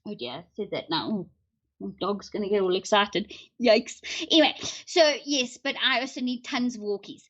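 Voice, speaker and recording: Woman, fairly high-pitched, livestream host, casual astrology chat, rambling, lots of fillers, talks to viewers. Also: fairly bright tone, dull audio. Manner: chatty and rambling, many fillers, answers viewer comments.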